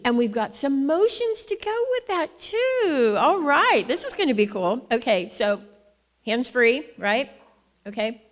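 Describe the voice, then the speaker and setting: A woman's voice: medium pitch, big pitch swings, a little slow, gravelly, in a large hall. A woman missionary giving a playful children's-moment lesson to a church congregation, coaxing them to repeat after her. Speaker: guest missionary speaker. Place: church sanctuary.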